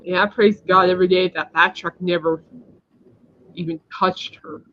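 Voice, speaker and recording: A woman's voice: lowish voice, fairly even intonation, normal speed, a bit bright, slight background noise. A woman hosting a podcast, telling a personal story in a rambling, emphatic casual chat. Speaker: podcast host. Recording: dull lo-fi sound.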